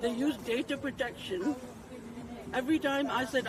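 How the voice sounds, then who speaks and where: A mother giving an urgent, indignant speech outdoors at a street protest, with halting restarts. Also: high-pitched. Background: crowd noise.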